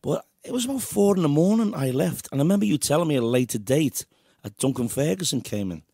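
A man's voice: a little high, lively intonation, fast talker, warm tone, husky, no room sound, clean studio sound. A man hosting an interview, chatting and reminiscing with his guest. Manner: reminiscing, friendly banter. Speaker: interviewer, host. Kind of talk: casual interview chat.

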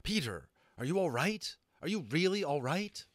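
A man voices a strong, loyal young male friend who speaks with urgent concern, pitched above the performer's own voice. The delivery is fairly high, very animated, at normal speed, in a dry, clean studio recording.

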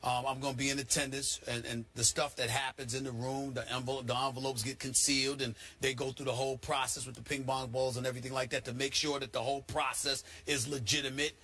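A man on a sports debate show, talking fast and animated and building up to shouting rants. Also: mid-range voice, husky. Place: TV studio.

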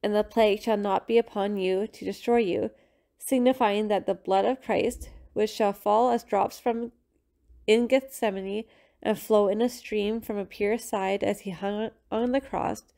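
Female reader for a scripture study lesson, steady and measured, with a gravelly, warm tone. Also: mid-range voice. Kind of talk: scripted reading.

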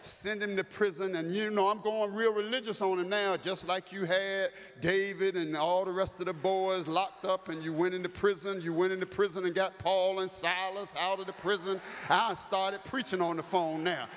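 A man preaching as bishop, telling a story in an animated way and acting out the voices. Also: sits high, normal speed, hardly any pauses. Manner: animated, acts out voices, builds to shouting. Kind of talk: storytelling sermon. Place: large church sanctuary. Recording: echoey church hall, faint ambience.

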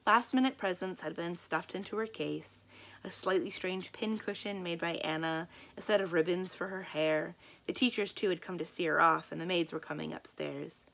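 A woman librarian reading a children's book aloud in a calm, expressive storytelling manner. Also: lowish voice, normal speed, vocal fry.

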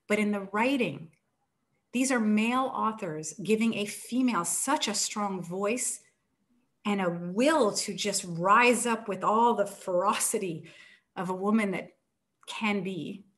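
An author, a woman, retelling an old tale with animated storytelling and acted-out quotes. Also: medium pitch, unhurried. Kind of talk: book talk, retelling a story.

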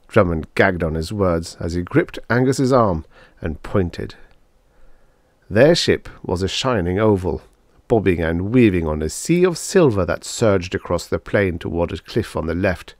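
A man narrating a vintage science fiction audiobook in an expressive storytelling read. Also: sits low, a little slow, no room sound, clean studio sound. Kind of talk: scripted narration.

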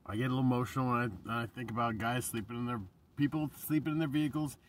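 A man's voice: medium pitch, fairly even intonation, racing, distant mic, a little hiss or hum. A man vlogging in a casual, rambling monologue, passionate and profane, often restarting his sentences.

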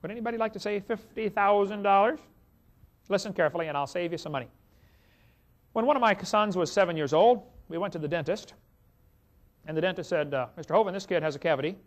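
A man's voice: high voice, lively intonation, a little fast, long pauses. A male evangelist preaching to an audience, telling a folksy story and speaking to the listeners directly. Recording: dull lo-fi recording.

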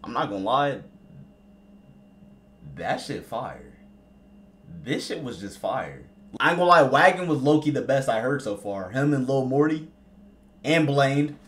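Excitable young male streamer, lively pitch. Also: a little slow, long pauses. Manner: excitable, slangy, repeats himself. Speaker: streamer reacting to music. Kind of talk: live stream music reaction.

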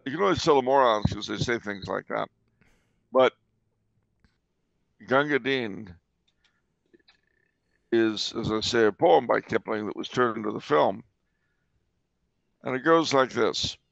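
Gravelly older man hosting a podcast. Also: medium pitch, a little slow, long pauses, a bit bright, dry recording. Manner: opinionated, hesitant with many uh and um. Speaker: podcast host. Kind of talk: casual chat. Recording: dull lo-fi recording.

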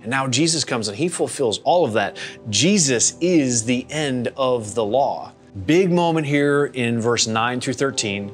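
A man's voice: mid-range voice, animated, unhurried, soft background music. A man pastor teaching the Bible in a casual, conversational way, animating the reactions of the people he talks about. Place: church gathering.

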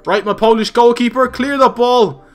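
A young man giving excited, jokey commentary over his own football video game, swinging between shouts and mutters. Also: very high voice, moderate pace. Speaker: gaming YouTuber.

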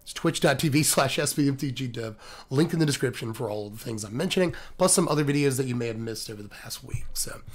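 A man hosting a video, hoarse and scratchy from laryngitis, rambling and joking through his sign-off. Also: medium pitch, expressive, fast. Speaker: host. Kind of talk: casual video outro.

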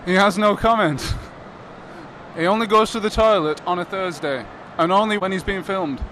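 A man hosts a live podcast, bantering and introducing his guests in a brisk, announcer-like way. His voice sits high, with faint noise around him in a convention hall. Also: pushed and bright. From Lancashire. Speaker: podcast host.

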